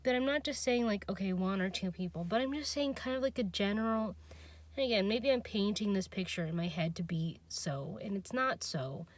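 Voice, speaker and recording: A young woman talks through her frustration in an unscripted personal vlog. She halts, restarts and trails off, then laughs at herself. Her voice sits at a middling pitch for a woman. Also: brisk. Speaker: vlogger.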